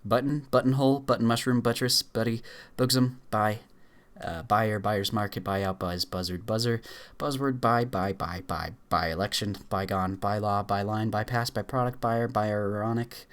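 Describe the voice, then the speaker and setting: A man with a fairly low voice races through a dictionary, reading words aloud one after another. He trips over entries, backs up and fills gaps with quick "uh"s as he pushes on. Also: steady tone, fairly bright tone. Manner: rattles off words in quick lists, stumbles and fillers. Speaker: YouTuber. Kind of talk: rapid dictionary read-aloud challenge.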